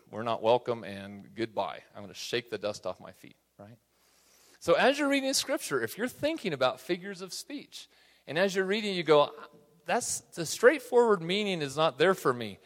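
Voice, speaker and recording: A man's voice: medium pitch, a bit bright. Man teaching a Bible class in a reverberant hall. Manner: conversational, often checks in with "right?".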